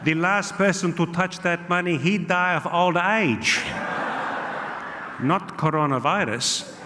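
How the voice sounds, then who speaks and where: A man's voice: sits high, takes it slowly, background noise. A man voicing a stubborn, indignant older immigrant uncle, speaking broken English, recorded live in a hall with a long echo.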